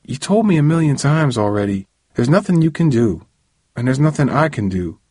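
A man's voice: medium pitch, big pitch swings, normal speed, a little mellow, breathy edge, no echo, clean studio sound, pitched above the performer's own voice. A man voicing a weary, frustrated teenage boy.

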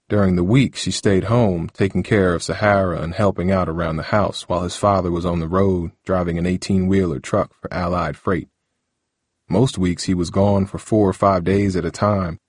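A man narrating an audiobook in a steady, even storytelling voice. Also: low voice, no echo, studio quality.

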